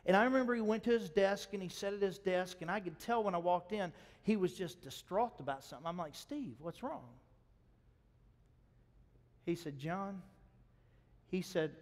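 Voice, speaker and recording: A male pastor preaching a sermon, moving between quiet storytelling and loud, urgent exhortation and asking the congregation questions. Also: high voice, normal speed, pauses often. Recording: long hall reverb.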